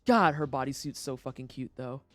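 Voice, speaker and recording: A woman's voice: very deep voice, a little fast, dry recording, faint music behind. A young woman streaming a game, ranting with heavy profanity and exasperation. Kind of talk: casual gameplay commentary.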